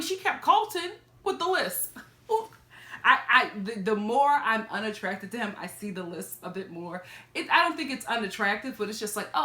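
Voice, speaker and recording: A woman with a high, bright, ringing voice dishes on a reality show with sassy, gossipy energy. She talks casually, laughs often and tosses in cheeky asides. The room around her is echoey. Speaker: reality TV reaction vlogger.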